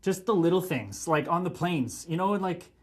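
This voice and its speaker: A man in his thirties who used to play pro hockey tells stories in a casual podcast interview, swearing freely. His voice sits high and moves at a normal speed, and his storytelling is animated and profane.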